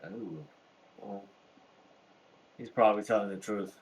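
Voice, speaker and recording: A man talking calmly as a player in a tabletop game on a voice call. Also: fairly low pitch, a little slow, a little hiss or hum, rough recording. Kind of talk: casual tabletop play on a call.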